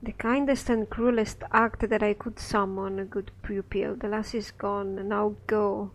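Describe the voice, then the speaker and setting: A cold, sorrowful ancient wizard, read aloud by a man in his own voice, speaking in solemn, measured verse. The voice sits fairly high. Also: little pitch movement, poor audio. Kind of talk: reading a scripted play aloud.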